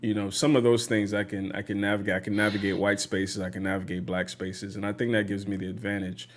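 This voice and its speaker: Man, from Nigeria, interview guest, easygoing, thoughtful, fairly low voice. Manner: relaxed, measured, many fillers. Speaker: podcaster guest. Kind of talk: casual interview answers.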